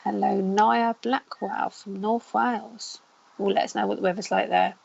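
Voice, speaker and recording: A woman's voice: medium pitch, fairly even intonation, moderate pace, creaky, muffled recording. A woman hosting a live psychic counselling stream, chatting and greeting her viewers by name. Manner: chatty, warm greetings, reads out viewer names.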